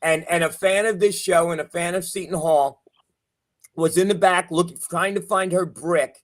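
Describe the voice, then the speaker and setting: A man hosting a casual sports chat show over a video call, teasing and chatty, calling himself old and slow. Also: high voice. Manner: teasing, chatty, self-deprecating. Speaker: show host.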